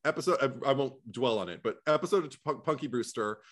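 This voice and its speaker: A man's voice: medium pitch, quick pace. Chatty man telling stories with laughs. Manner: chatty storyteller, laughs often; frank, swears freely. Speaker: podcast co-host. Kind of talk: casual movie discussion.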